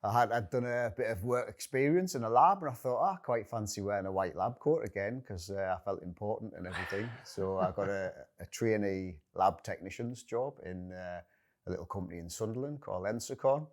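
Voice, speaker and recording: A man's voice: fairly low pitch, fairly quick. A middle-aged man from North East England, a company director chatting in an interview, playful and self-deprecating. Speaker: guest, managing director. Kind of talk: casual interview chat.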